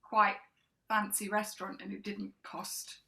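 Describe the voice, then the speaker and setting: A woman's voice: mid-range voice, little pitch movement, measured pace, creaky, sharp tone, a little hiss or hum, poor audio. A woman co-hosting a casual chat, laughing often and trailing off mid-sentence. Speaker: co-host.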